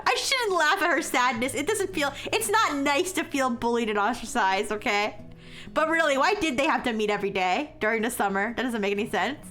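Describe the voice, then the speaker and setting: A woman's voice: on the high side, expressive, brisk, fairly bright tone, faint music behind. A woman streamer reading a visual novel aloud and reacting to it in a playful, giggly way.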